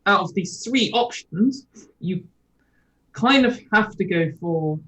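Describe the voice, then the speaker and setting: A woman's voice: fairly low pitch, animated, takes it slowly, muffled recording. A British woman, a guest on a video call, chatting casually in a rambling, wry way full of fillers. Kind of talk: casual chat.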